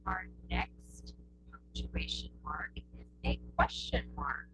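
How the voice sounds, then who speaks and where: A woman's voice: fairly low pitch, lively intonation, noisy background. A woman teaching a test prep lesson on punctuation, patient and repetitive, often checking in with "okay?". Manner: slow, patient, repeats points with checking "okay?". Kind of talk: classroom lesson explaining punctuation.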